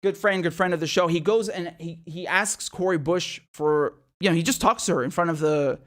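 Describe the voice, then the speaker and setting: A man hosting a political commentary show, ranting in outrage with rapid rhetorical questions and frequent swearing. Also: a little high. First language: not American.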